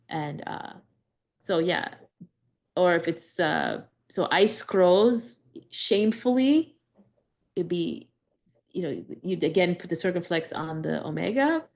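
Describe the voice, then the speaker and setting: Teacher lady walking a class thru greek grammar, lowish gravelly voice, lots of "right?". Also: a little mellow. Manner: explains with frequent "right?" checks and restarts. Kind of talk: live class lesson.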